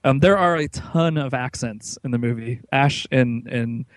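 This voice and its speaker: A man co-hosting a casual podcast chat, rambling and animated, with lots of restarts. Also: mid-range voice, measured pace, dry recording. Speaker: podcast co-host.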